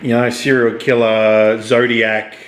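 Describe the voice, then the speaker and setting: A man with an Australian accent co-hosting a casual pop culture chat, cutting in with quick remarks and frequent restarts. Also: medium pitch, flat delivery, a bit bright. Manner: quick interjections, restarts often. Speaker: co-host. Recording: echoey room.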